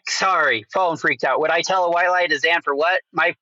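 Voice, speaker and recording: A man from Utah co-hosts a casual podcast, emphatic and heavy on the swearing. His voice is fairly high and bright with a tense edge, recorded dry and close with no room sound. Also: fairly quick, dry recording, lo-fi sound. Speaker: podcast co-host.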